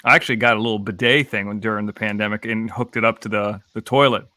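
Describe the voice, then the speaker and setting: A man's voice: on the low side, steady tone, fast talker, bright, forceful tone, no room sound. A middle-aged man hosting a casual panel chat, rambling and laughing through his stories. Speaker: host.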